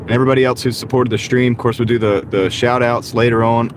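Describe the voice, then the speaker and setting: A man's voice: medium pitch, steady tone, fast talker. A man hosting a casual live stream while driving, upbeat and thanking viewers by name, his voice tired and wearing out. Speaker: livestream host. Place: in a moving car. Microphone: wireless mini clip-on mic. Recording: car ride with clear road noise. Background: road and car noise.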